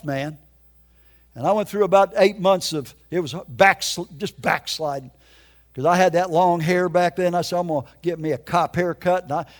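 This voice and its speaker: Older guy preaching his testimony, folksy and emphatic, kinda high-pitched. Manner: emphatic folksy storytelling, says "man" often. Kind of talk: sermon testimony.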